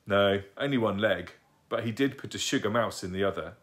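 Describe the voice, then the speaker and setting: A man's voice: on the low side, fairly quick, fairly bright tone, natural voice. A man reading aloud and voicing a chatty, bossy little girl who explains things eagerly. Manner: eager, explaining, matter-of-fact.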